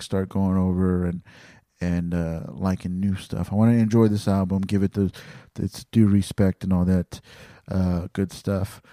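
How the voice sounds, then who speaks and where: A man's voice: low voice, mellow, no room sound, studio quality. A man hosting a podcast alone, talking casually and rambling with many fillers, restarts and casual swearing. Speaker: podcast host. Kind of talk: casual monologue.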